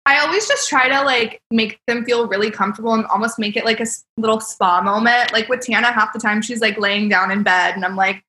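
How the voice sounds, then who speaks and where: A young woman guesting on a podcast as a celebrity makeup artist tells stories in casual, bubbly chat, laughing often and saying "like" throughout. Her voice is a little high and sharp, fairly quick with hardly any pauses and fairly even intonation, and the recording has a roomy echo.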